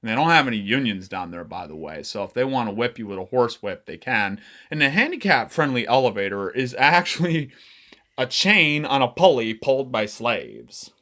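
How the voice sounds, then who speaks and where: A man casually reading his own dark comic aloud, irreverent and swearing, chuckling between lines. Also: medium pitch, big pitch swings, moderate pace.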